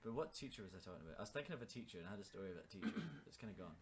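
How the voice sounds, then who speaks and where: A man's voice: on the low side, animated, very fast, a little hiss or hum. A young man co-hosting a podcast, telling rambling stories in casual chat and swearing freely. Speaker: podcast co-host.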